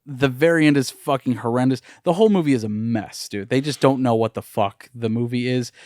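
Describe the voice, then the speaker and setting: A man's voice: mid-range voice, brisk, noisy background. A man co-hosting a casual podcast chat, blunt and emphatic, swearing freely. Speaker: podcast co-host.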